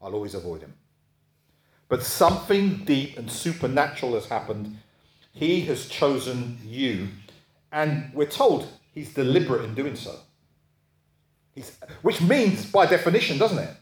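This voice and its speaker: A man's voice: medium pitch, sing-song, a little slow, pauses often. A man preaching a sermon, talking in a conversational way and often checking in with his listeners. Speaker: pastor. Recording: echoey room.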